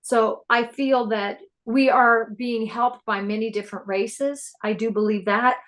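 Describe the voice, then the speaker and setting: A woman speaks as a podcast guest in casual conversation. Her voice sits a little high, and she tells her stories with eager, animated energy. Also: measured pace. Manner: excitable, animated storyteller. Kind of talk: casual spiritual interview chat.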